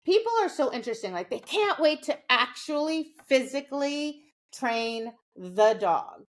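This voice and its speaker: A woman's voice: sits high, lively intonation, measured pace. A woman co-hosting a podcast, explaining dog training in a casual, conversational way and often checking in with "right?".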